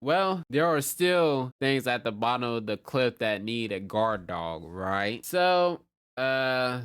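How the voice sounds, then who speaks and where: A man's voice: medium pitch, fairly bright tone, clear, resonant tone. A man hosting a casual manga chapter review, talking loosely and rambling with restarts and asides. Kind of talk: casual commentary reading manga text aloud.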